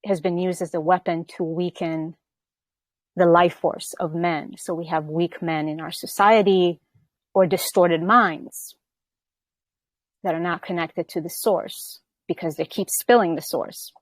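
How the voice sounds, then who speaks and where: A woman with a lowish voice talks through her ideas in an earnest, explaining way, often checking in with her listener. The sound is dry and close, with no room around it. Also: fairly even intonation, unhurried, no echo. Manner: earnest, explaining with frequent "right?" and restarts. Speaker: podcast host. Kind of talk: casual spiritual conversation.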